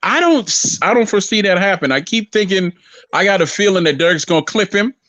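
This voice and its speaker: A man's voice: sits high, lively intonation, a little fast, a bit bright, no room sound. Man arguing boxing picks, dry sound. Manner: rambling, repeats himself, argumentative. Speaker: boxing show co-host. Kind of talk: casual sports debate.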